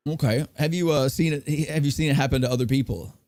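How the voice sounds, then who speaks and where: A man's voice: on the high side, steady tone, fast talker, darkish tone, no room sound. Guy rambling on a podcast, full of ums and likes, pretty dry sound. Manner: rambling, many fillers and restarts. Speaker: podcast host. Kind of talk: casual chat.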